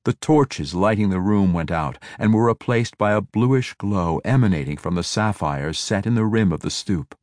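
A man narrating a fantasy audiobook in a measured, even storytelling delivery. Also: fairly low pitch, no room sound, clean studio sound.

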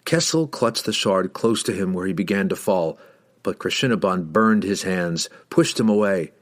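A man narrating a fantasy novel as an audiobook, telling it with dramatic, expressive storytelling. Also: low voice, normal speed.

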